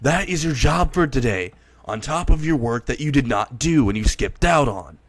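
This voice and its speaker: A man voicing a cranky male park manager who scolds and shouts at his workers. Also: medium pitch, animated, moderate pace, no room sound, lightly acted. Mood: scolding.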